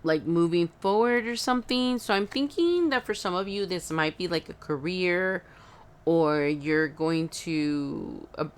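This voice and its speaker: A woman giving an intuitive tarot reading, talking haltingly with many fillers and sounding choked up, near tears. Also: sits low, fairly bright tone, clean tone. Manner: halting, filler-heavy, emotional, addresses viewers as guys. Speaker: tarot reader.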